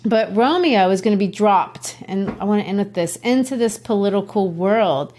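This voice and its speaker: A woman's voice: medium pitch, normal speed, darkish tone, a little hiss or hum. A woman from Brazil, hosting a podcast and explaining a classic play in a chatty way with asides. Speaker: literature teacher and podcast host. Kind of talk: conversational literature lesson.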